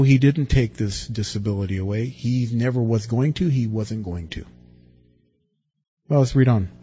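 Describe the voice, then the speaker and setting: A man's voice: mid-range voice, dark tone, slightly rough, lo-fi sound. A man preaching a sermon in a conversational way, asking his listeners rhetorical questions and stressing words. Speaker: pastor.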